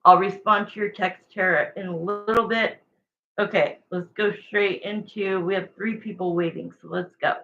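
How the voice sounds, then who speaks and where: A woman's voice: medium pitch, steady tone, normal speed, dull audio, a little hiss or hum. A woman doing a casual livestream tarot reading, chatty and rambling, often stopping to correct herself while answering viewers. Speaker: tarot reader.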